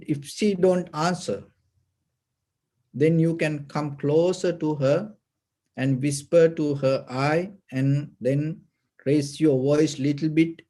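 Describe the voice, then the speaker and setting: A man giving a Buddhist sermon, speaking haltingly with fillers and restarts. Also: on the high side, mellow. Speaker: Buddhist teacher.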